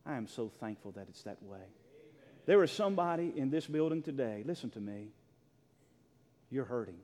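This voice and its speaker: A pastor preaching a sermon in a church, emphatic, swinging between loud declarations and hushed, near-whispered lines. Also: male voice, medium pitch, expressive, moderate pace. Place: church sanctuary. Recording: long reverb of a large hall.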